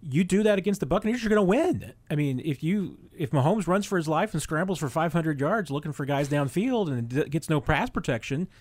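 A male guest on a sports talk radio show lays out his views with emphasis. His voice sits somewhat high, and it comes across dry and close. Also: animated, fairly quick, few pauses, darkish tone, no echo. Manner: opinionated, emphatic. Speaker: team beat writer guest.

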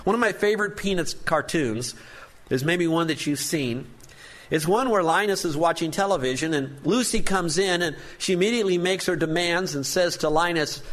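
A man's voice: a little high, normal speed. A man preaching a sermon as pastor, earnest and emphatic, with rising stresses on key points.

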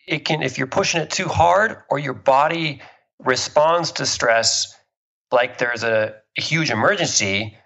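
A man's voice: medium pitch, creaky, bright, forceful tone, dull audio. A man, a book author guest, eagerly explaining health topics with analogies and personal stories. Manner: enthusiastic, explains with analogies and tells anecdotes. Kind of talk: conversational explaining.

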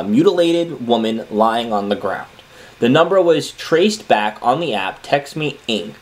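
A man reading news articles aloud and breaking off into opinionated, scornful commentary, with many fillers and restarts. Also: mid-range voice. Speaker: political commentator.

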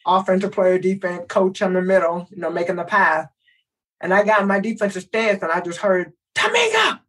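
Animated woman telling a story. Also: on the low side, brisk, recorded from a distance, poor audio. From Texas. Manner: animated, acts out voices in her story. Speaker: guest. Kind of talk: casual storytelling.

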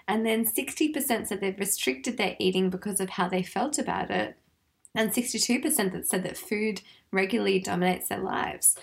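A woman's voice: mid-range voice, creaky. A woman co-hosting a podcast, chatting frankly, swearing and laughing often. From Australia. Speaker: podcast co-host. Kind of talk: casual chat.

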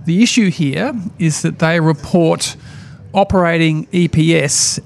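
An Australian man co-hosting a casual finance chat, telling stories quickly with wry asides. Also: on the high side, creaky, slight background noise. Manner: rapid, animated storytelling with wry asides. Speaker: podcast co-host, shareholder activist.

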